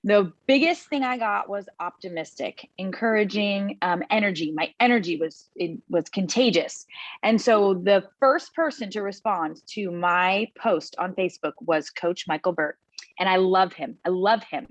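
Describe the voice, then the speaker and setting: A woman speaking as a guest on a video call, giving a motivational talk in an energetic, emphatic way and repeating points for effect. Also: medium pitch, normal speed, dry recording, lo-fi sound.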